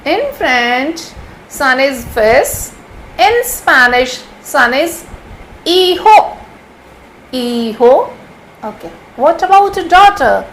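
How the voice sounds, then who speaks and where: Slow, high-voiced woman teacher. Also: big pitch swings, a little hiss or hum, low-quality recording. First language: Hindi. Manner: patient, repeats each word slowly several times. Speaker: language teacher. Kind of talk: vocabulary lesson.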